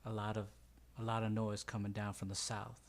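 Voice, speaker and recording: A man voicing a guarded male go-between who passes on news in a slow, measured way during a tabletop game. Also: fairly low pitch, monotone, close to an everyday voice. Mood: matter-of-fact.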